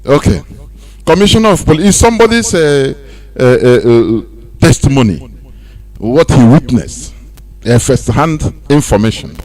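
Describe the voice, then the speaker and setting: Animated Nigerian man hosting radio talk. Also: mid-range voice, moderate pace, pauses often. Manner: animated, mixing pidgin and laughing asides. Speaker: radio host.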